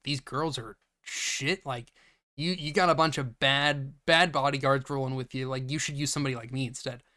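A man's voice: medium pitch, steady tone, normal speed, sharp tone, lightly acted. A man voicing a swaggering, foul-mouthed female fighter in his own voice while retelling a movie scene. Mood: brash. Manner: swaggering, cursing.

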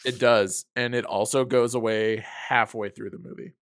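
A man co-hosting a casual movie review chat, animated and casually profane. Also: medium pitch, normal speed, clear, resonant tone, no room sound, clean studio sound. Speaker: podcast co-host.

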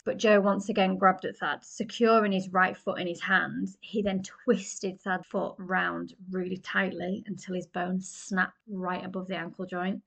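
A woman's voice: lowish voice, vocal fry, fairly bright tone. A woman hosting a true crime podcast, telling the story conversationally with fillers and personal asides.

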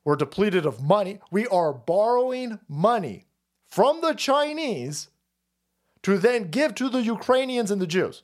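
A man's voice: high voice, sing-song, measured pace. A man hosting a live stream, ranting in a sarcastic, foul-mouthed way. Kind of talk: profane political rant stream.

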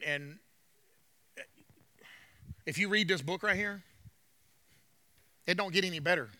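A man, a pastor preaching a lively sermon in church with call-and-response asides. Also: sits high, dry recording.

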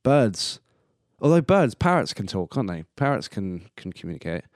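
A man's voice: lowish voice, very animated, normal speed, a little mellow, dry recording, clean studio sound. A man hosting a casual solo podcast, rambling and chatty, swearing casually and laughing at himself. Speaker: podcast host.

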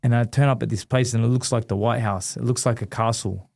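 A man from Australia, a guest on an interview show, telling a long personal story at an ordinary, middle pitch. He is animated and lively, slipping into the voices of the people he quotes. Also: quick pace, vocal fry. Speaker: guest, former boxing champion.

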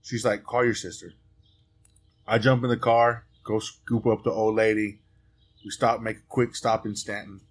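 A podcast host with a lowish voice speaks at a normal speed with a flat delivery. He's in a loose, profane, casual chat with friends, telling stories.

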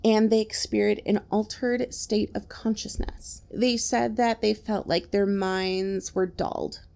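A woman's voice: mid-range voice, steady tone, measured pace, creaky, darkish tone. A woman co-hosting a podcast, casually retelling a strange story with lots of fillers. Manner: chatty, retells events with many fillers like "like". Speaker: podcast co-host telling the story.

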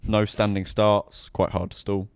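A man's voice: fairly low pitch, level tone, measured pace, clear, resonant tone, no echo. A young man and racing driver co-hosting a podcast, chatting casually with dry, self-mocking humour. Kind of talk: casual chat.

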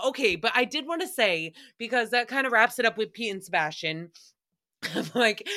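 Bright-voiced woman ranting casually. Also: mid-range voice. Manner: profane, rambling, quick to laugh. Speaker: podcast host. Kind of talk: casual comedic recap.

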